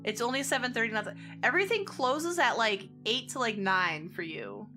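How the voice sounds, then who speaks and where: A woman's voice: a little high, sing-song, normal speed. A woman casually commenting on a dating game and reading its dialogue aloud, chatty and joking, laughing often. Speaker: gamer playing a dating sim. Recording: music playing behind the voice.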